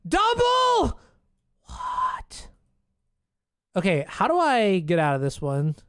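Streamer, casual play-along commentary; muttery and profane with sudden excited spikes. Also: medium pitch, normal speed, clean tone, dry recording, clean studio sound. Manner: muttering to self, swearing, bursts of excitement; chats to chat and opponent.

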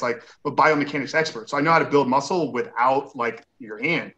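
A male guest tells a personal story at an everyday pitch, scattering "like" fillers and acting out the dialogue he quotes. The recording sounds slightly muffled and lo-fi. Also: quick pace, few pauses, bright, forceful tone. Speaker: interview guest.

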